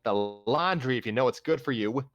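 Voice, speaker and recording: A man's voice: medium pitch, animated, normal speed, no echo, studio quality, lightly acted. A man voicing a bossy, huffy young girl in a read-aloud story, nagging and scolding.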